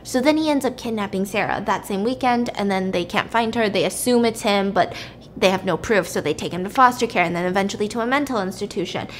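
A woman podcast host casually retelling a movie plot, chatty and animated with plenty of filler words. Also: mid-range voice, fast, slight background noise.

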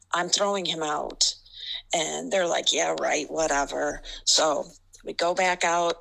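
A woman recounts a game memory in a casual, chatty way and laughs often. Her voice is bright and a little gravelly. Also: lowish voice, poor audio. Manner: laughs often while telling a story. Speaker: basketball referee guest. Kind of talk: casual storytelling.

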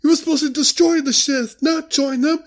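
A man voicing an anguished middle-aged male Jedi master, pushing his voice shrill and overwrought as he shouts. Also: fairly even intonation, normal speed.

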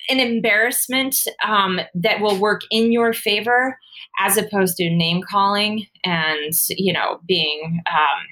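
A woman guest in a casual interview, telling her story in a lively, animated way with many fillers and laughs. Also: medium pitch, takes it slowly. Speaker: guest, former pro cyclist and author.

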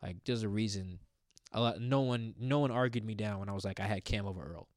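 A man's voice: fairly low pitch, quick pace, a little mellow, dry recording, clean studio sound. A man hosting a podcast, talking sports in a loose, rambling, slangy way. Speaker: podcast host. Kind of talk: casual sports chat.

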